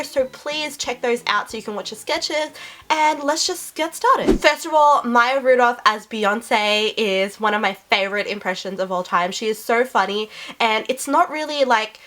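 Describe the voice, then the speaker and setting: Female vlogger, chatty and effusive, sitting a bit high in her register. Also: a bit bright. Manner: chatty and gushing, many "like" fillers. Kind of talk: casual chat.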